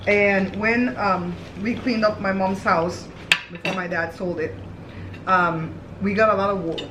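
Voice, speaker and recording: A talkative woman chats casually to her viewers while eating at her home table. Her voice sits mid-range and rings around a roomy space. Cutlery and dishes clatter clearly behind her. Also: mid-range voice, noisy background. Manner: chatty, talkative, addresses viewers directly. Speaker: mukbang host. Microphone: camera on the table.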